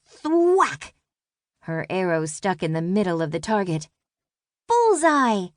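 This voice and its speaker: A woman narrating a children's audiobook in a calm, measured way. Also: sits low, no room sound, clean studio sound.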